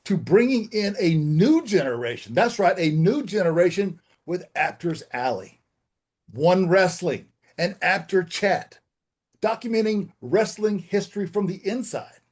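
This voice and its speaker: A man's voice: on the high side, darkish tone. A man co-hosting, delivering a grand, formal announcer-style introduction. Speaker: co-host.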